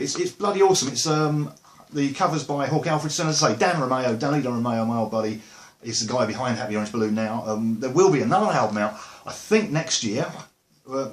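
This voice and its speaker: An Essex man talks to camera in loose, joking, wandering chat, full of "um" and "you know." His voice sits at an ordinary middle pitch. The room around him rings noticeably. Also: echoey room, slight background noise. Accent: Essex English. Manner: jokey, rambling, lots of fillers and asides. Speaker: musician vlogger. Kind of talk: casual rambling chat to camera.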